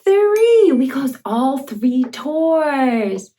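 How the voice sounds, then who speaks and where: Slow sing-song woman teaching toddlers. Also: a little high, very animated, darkish tone. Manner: imitates animal sounds playfully. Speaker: children's educational host.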